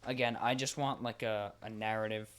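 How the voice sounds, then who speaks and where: This man co-hosts a podcast with an easy, casual delivery. He gets worked up quickly and swears freely. His thoughts come out in rapid, excited bursts. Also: on the low side, smooth. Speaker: podcast co-host. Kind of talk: casual chat about video games.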